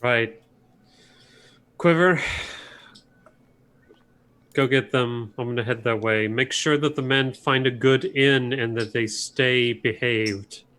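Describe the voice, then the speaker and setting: A man's voice: medium pitch, takes it slowly, long pauses, a bit bright, clean tone. A man playing a curt noble mercenary captain. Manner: curt, commanding.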